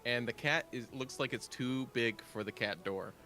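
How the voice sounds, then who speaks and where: A man's voice: mid-range voice, normal speed, sharp tone, soft background music. A man playing a tabletop game, explaining lore loosely and laughing easily. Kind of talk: casual game chat.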